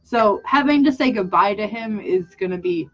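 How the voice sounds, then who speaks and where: A woman's voice: mid-range voice, expressive, moderate pace. Candid rambling young woman, muffled audio. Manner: rambling, candid, self-mocking, with many restarts. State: teary. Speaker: vlogger and artist. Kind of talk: casual chat while drawing.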